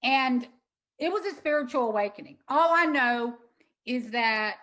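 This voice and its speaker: Middle-aged woman guest, earnest storyteller, stumbles and repeats, a touch high. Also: pushed and bright, rough recording. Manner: earnest, halting, repeats words when moved. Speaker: interview guest, sanctuary owner. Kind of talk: emotional storytelling in an interview.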